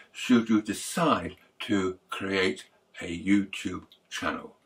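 Slow, measured older man. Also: low-pitched, fairly bright tone. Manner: measured, unhurried, slightly stumbling. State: losing his voice. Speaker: photography YouTuber. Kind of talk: spoken advice to viewers.

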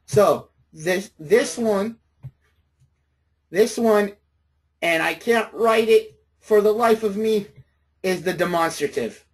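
A man's voice: high voice, slow pace, long pauses, breathy edge. A man lecturing a college class, patient and friendly, often checking in with his students.

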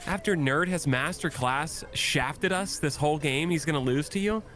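A man's voice: on the high side, moderate pace, fairly bright tone. A man playing a game with friends, calling the action like a hyped sportscaster. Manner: hype, sportscaster-like commentary on the game. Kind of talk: casual gaming banter with mock commentary.

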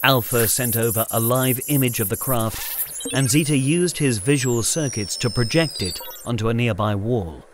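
A male narrator reads a science fiction audiobook at a measured storyteller's pace. His voice sits in a middle register, with a faint hiss of noise behind it. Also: medium pitch. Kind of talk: scripted narration.

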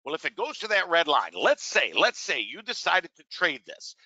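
A man with a high, sharply bright voice runs a live trading demo. His pitch swings widely as he throws rhetorical questions at his listeners and calls them "gang". The sound is dry and close but dull, like lo-fi webinar audio. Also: huge pitch swings, normal speed, dry recording. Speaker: trading educator.

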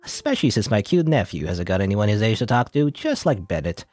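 Nasal, nerdy male doctor, chatty and fussy, lively pitch , played by a man. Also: a little fast, no room sound, clean studio sound, faint music behind. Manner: talkative, polite, rambling.

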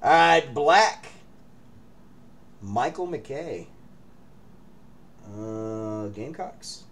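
Male card-break host, animated, bantering, faint background hum. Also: medium pitch, very slow. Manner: hyped, joking banter with viewers. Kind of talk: live card-break streaming chat. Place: break room indoors.

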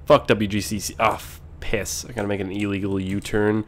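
Sick male gamer yelling and swearing. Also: on the low side, a little fast. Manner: excitable, swears and yells at mishaps. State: sick, clearing throat and coughing. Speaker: gaming video host. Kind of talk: casual let's-play commentary.

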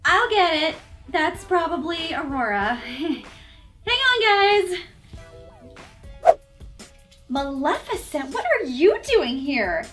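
A woman's voice: very high voice, big pitch swings, slow, long pauses, fairly bright tone, faint music behind, exaggerated voice. A woman playing a chatty young princess who bluntly asks her sister why she is acting strange. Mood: puzzled. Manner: blunt, quizzical. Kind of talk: comedy sketch acting.

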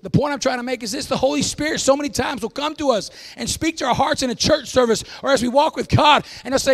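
Pastor guy, real high voice, folksy preaching that keeps breaking into shouts. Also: fast, vocal fry, hardly any pauses. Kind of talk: sermon.

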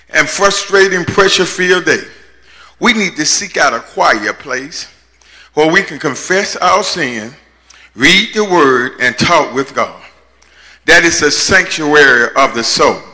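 High, bright preacher man. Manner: rhythmic call-and-response preaching with repeated refrains. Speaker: pastor. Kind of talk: sermon. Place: church sanctuary. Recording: echoey church sanctuary.

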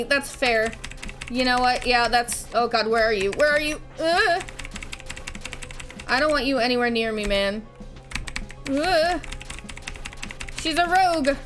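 A woman's voice: high voice, a little slow, long pauses, a bit bright, a little hiss or hum. A woman streamer giving casual live gameplay commentary, chatty, talking back to the game's characters and laughing easily.

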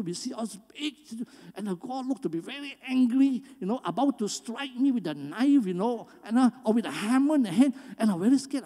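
A man's voice: very high voice, dark tone. A man preaching a sermon as pastor, earnest and emphatic. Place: church sanctuary. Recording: long hall reverb.

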